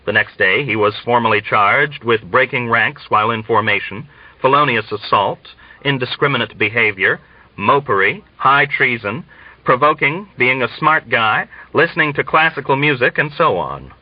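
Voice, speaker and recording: A man reading a novel aloud in measured, scripted narration. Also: medium pitch, expressive, dry recording, dull audio. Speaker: audiobook reader.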